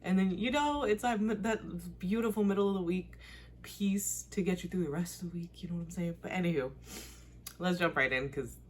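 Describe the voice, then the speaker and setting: Chatty, low-voiced woman hosting a recap. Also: moderate pace. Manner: chatty and animated, with big pitch swings and frequent laughs; blunt, slangy commentary. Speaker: host. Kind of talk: casual TV recap chat.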